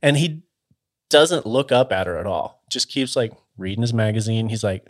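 A man with a somewhat low voice recounts a story in a casual, conversational way. His delivery is loose and halting, packed with filler words and restarts as he works through each moment. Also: animated.

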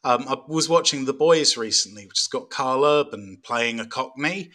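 A man in casual conversation with a very bright, forward tone and a wry, joking manner. He pokes fun as he goes and laughs through his lines, at an ordinary mid pitch. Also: moderate pace. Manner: wry, jokey, laughs often. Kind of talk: casual chat about games.

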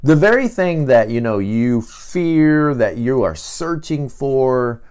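Speaking slowly and with animation, a podcast host with a medium-pitched, darkish, clean-toned voice walks through a personality type. His casual teaching talk is loose and chatty, full of fillers and restarts.

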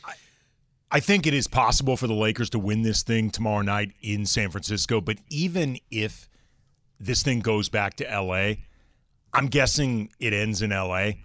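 Low-voiced, measured sports radio man. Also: fairly bright tone, dry recording, studio quality. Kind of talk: sports talk radio debate. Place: radio studio.

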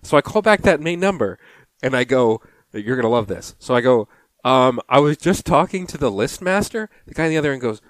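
A man's voice: medium pitch, fairly quick. A man spins a casual podcast story, his voice rising and falling a lot as he acts out both sides of a phone call. The sound is dry and close, with no room echo. He talks in a mid-range voice with an easy, chatty flow. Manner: animated storyteller acting out phone calls. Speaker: podcast co-host. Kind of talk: casual chat.

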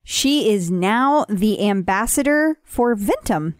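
A woman co-hosting a podcast in casual chat, talkative and laughing often with quick asides. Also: mid-range voice, lively intonation, no room sound, studio quality. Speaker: podcast co-host.

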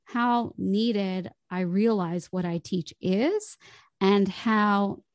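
A woman's voice: medium pitch, drawn-out words, no room sound, highs cut off. A woman voice coach speaking in a podcast interview, explaining ideas in an articulate, flowing way.

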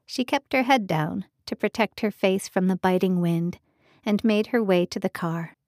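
With a medium-pitched voice, a woman narrates a scripted audiobook, keeping her storytelling steady and measured. The recording is dry and studio quality.

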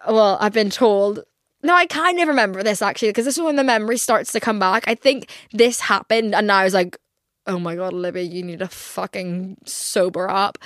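A woman's voice: mid-range voice, no room sound, clean studio sound. A young woman in her twenties hosting a casual solo podcast, rambling, swearing a lot and acting out her own reactions. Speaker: podcast host.

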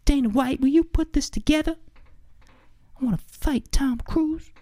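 A man doing a high, squeaky impression of a young male pop singer, half singing and taunting. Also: measured pace, dark tone, dry recording. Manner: high, squealing falsetto, sing-song taunting.

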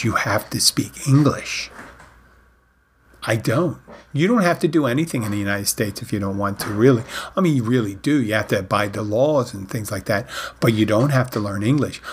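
A man with a husky, slightly breathy voice at a middle pitch, talking alone on his podcast. He rambles in a casual monologue, restarts words and corrects himself as he goes. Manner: rambling, self-correcting, says he talks fast. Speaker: podcast host.

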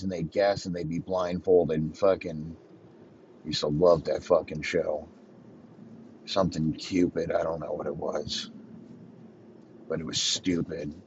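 A man's voice: sits low, a little mellow, lo-fi sound, slight background noise. A man giving a rambling, crude comedic rant, swearing constantly.

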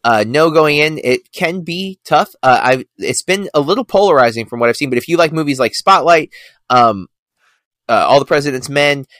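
A man's voice: fairly high pitch, moderate pace, a bit bright, no room sound. A man co-hosting a film podcast, talking casually with many fillers and self-corrections. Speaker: podcast co-host.

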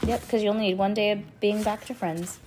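A woman's voice: mid-range voice, fairly even intonation, fairly quick, background noise. A woman who is a little sick reading a children's chapter book aloud and chatting about the story between passages. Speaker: reader.

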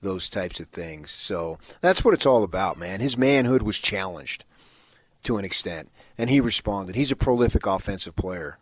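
A man's voice: low-pitched, animated, normal speed, no room sound. A man co-hosting a morning sports radio show, talking in an emphatic, casual way and often repeating words as he starts a thought.

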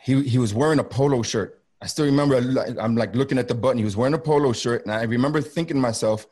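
Middle-aged man, ex-border agent, mid-pitched voice, intense and halting, talking over a video call. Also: a little mellow. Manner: intense, halting, repeats himself. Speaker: former federal border agent, guest. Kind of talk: first-person storytelling on a video call.

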